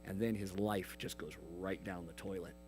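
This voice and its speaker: A man preaching a youth sermon in an earnest manner, swinging between hushed and emphatic. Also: sits low, steady tone, normal speed, faint music behind, rough recording. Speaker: youth pastor.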